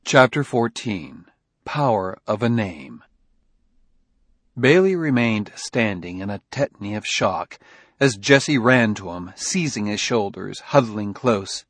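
A man narrating an audiobook in an expressive reading voice. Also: lowish voice, a little slow, dry recording.

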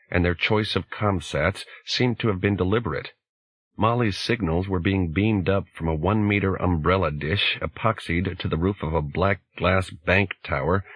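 A man reading an audiobook in a measured, even storytelling voice. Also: low voice, breathy edge, no echo, poor audio. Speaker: audiobook narrator. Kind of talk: scripted narration.

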